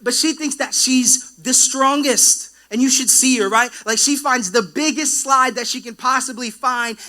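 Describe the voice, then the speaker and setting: A man's voice: very high voice, bright, forceful tone. A young man preaching a sermon in a church, telling playful stories with frequent asides to the congregation. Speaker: pastor. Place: church auditorium.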